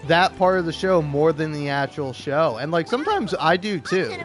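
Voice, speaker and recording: A man's voice: a little high, very animated, normal speed, faint music behind. A young man hosting a gaming video, rambling comedic commentary full of restarts and "like".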